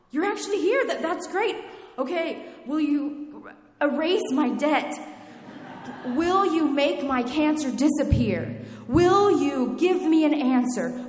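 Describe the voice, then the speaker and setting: A woman's voice: high voice, animated, slow pace, voice pushed up. A woman voicing an anxious believer who breathlessly pleads with God and piles up requests, in an echoey hall. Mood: eager demanding. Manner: breathless, eager, piling up requests. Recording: echoey hall with long reverb.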